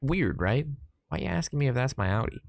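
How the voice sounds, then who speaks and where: A man's voice: medium pitch, sing-song, fast talker, vocal fry, no echo, clean studio sound. A young man streaming a card game, chatting casually with playful jokes and mock sportscaster asides. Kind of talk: casual gameplay commentary.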